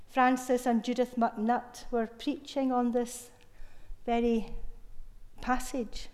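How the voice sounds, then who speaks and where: Woman, preacher, sermon, high voice, slow measured delivery, emphatic stresses, long hall reverb. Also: a little mellow.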